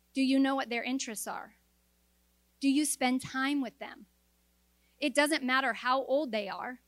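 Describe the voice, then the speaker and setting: A middle-aged woman delivers a sermon in a fairly high voice, earnest and exhorting. The sound is dry and close, with no room echo. She slips in quick joking asides between her points. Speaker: preacher. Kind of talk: sermon to a women's audience.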